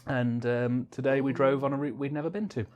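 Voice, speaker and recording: A man's voice: medium pitch, fairly even intonation, a little fast, a little mellow, highs cut off, slight background noise. A man hosting a film commentary, jokey and rambling. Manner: jokey, rambling, hesitant with fillers. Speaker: host of a film commentary channel. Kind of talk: casual chat.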